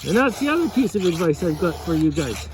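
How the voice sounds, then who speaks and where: Folksy rambling man over file rasping. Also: high voice, very animated, quick pace, background noise. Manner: folksy, chuckling, repeats and restarts often. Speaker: fishing lodge owner giving advice. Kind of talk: rambling casual advice while sharpening a chainsaw.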